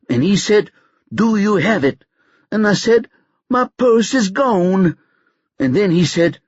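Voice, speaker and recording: Guy doing a frazzled american lady, high and husky, rambling fast, dull dry sound. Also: no echo. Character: anxious American woman talking in a rush.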